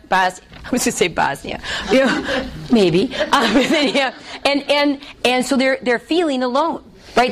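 A woman teaching a Bible study class in a lively way. She keeps checking in with "okay?" and asks the class to fill in the answers. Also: on the high side.

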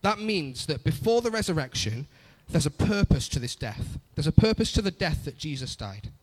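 A man's voice: on the high side, sing-song, normal speed. A young adult man preaching a conversational sermon, often repeating phrases for emphasis. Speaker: pastor.

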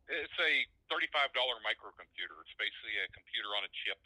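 Low bright-toned man explaining gear. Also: lively intonation, fast, no room sound, poor audio. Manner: matter-of-fact, explains step by step with many uhs. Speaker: guest, paramotor pilot and electronics builder. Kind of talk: technical explanation in an interview.

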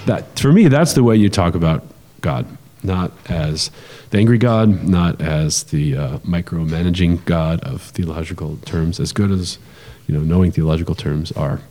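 Deep-voiced man explaining, roomy reverb. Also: normal speed. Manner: animated, explanatory, with frequent fillers and restarts. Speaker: podcast co-host. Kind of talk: casual conversational podcast talk.

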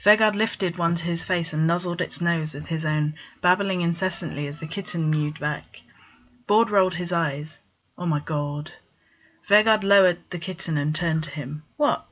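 A woman reading fan fiction aloud with plain, steady narration. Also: fairly low pitch, moderate pace, lo-fi sound. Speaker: story reader.

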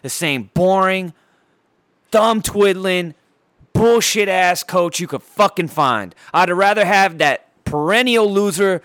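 A man's voice: high voice, expressive, slow pace, fairly bright tone, dry recording, clean studio sound. A man at home by his TV, delivering a heated, profane and sarcastic rant about his sports team. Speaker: sports fan ranting on his channel.

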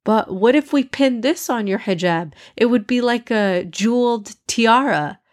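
A woman's voice: fairly high pitch, measured pace, pitched above the performer's own voice, lightly acted. Woman playing a cheeky teasing boy. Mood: eager. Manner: teasing, lively. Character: cheeky young boy, teasing big brother. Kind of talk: storybook reading.

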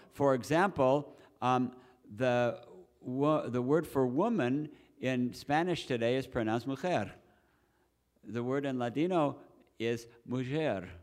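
A man who is a Reform Jew explaining his tradition to a church group in a measured, teacherly way, with pauses and restarts. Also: mid-range voice. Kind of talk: explanatory talk with questions. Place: church hall.

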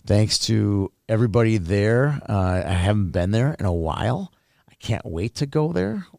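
Gravelly low-voiced male podcast host. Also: expressive, normal speed, warm tone, no echo, clean studio sound. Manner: teasing, chatty, reads sponsor plugs conversationally. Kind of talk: casual chat.

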